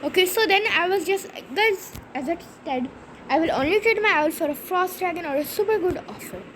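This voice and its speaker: A woman's voice: extremely high pitch, lively intonation, brisk, a bit bright, slight background noise, low-quality recording. A young woman hosting a gaming channel, rambling through a story with lots of fillers as she plays. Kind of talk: casual gameplay commentary.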